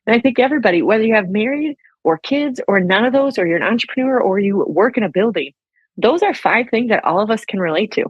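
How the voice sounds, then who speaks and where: Husky-voiced woman telling a story. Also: mid-range voice, expressive, fast talker, dry recording, muffled recording. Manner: chatty storyteller, acts out her own thoughts. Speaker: podcast guest, entrepreneur. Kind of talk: casual interview chat.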